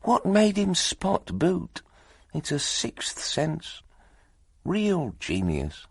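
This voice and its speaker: A man's voice: low voice, very animated, normal speed, slightly rough, no room sound, studio quality, exaggerated voice. A man voicing a meek, fretful middle-aged editor who speaks mildly and apologetically. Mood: reverent. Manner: mild and apologetic.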